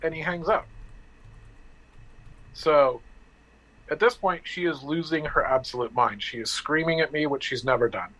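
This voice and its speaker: A man's voice: on the high side, fairly bright tone, low-quality recording. A man candidly telling a personal story, blunt and profane, acting out the dialogue and restarting his sentences. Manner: halting with restarts and fillers.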